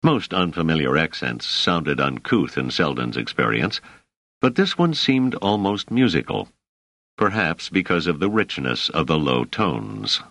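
A man with a very deep voice reads a novel aloud. His intonation rises and falls expressively, and the recording is dry and close. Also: big pitch swings, a little slow, fairly bright tone, dry recording. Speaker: audiobook narrator. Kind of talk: scripted narration.

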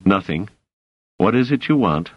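A man's voice: lowish voice, expressive, a little slow, dry recording, muffled recording, pitched above the performer's own voice. A man voicing a brusque male mathematician with a dry, impatient way of talking.

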